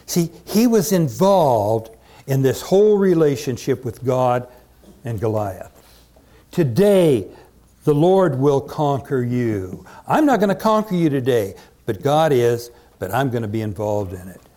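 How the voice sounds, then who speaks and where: A man's voice: medium pitch, lively intonation, normal speed, dark tone. A male pastor preaching a sermon, emphatic and full of rhetorical questions.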